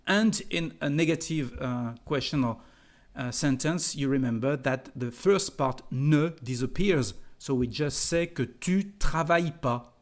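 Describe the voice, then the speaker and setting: French guy teaching a language lesson, bit higher voice, patient, says examples twice. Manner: patient, repeats example phrases slowly.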